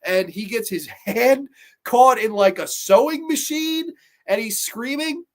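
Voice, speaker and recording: A man reviewing horror films in a casual, profane and rambling way, often breaking into animated rants. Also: extremely high pitch, a little slow.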